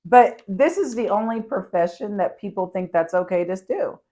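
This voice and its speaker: A woman's voice: mid-range voice, normal speed. A young adult woman on a podcast, a teacher telling classroom stories in casual chat, laughing often and acting out the kids. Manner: animated storytelling, acts out kids' voices, laughs often.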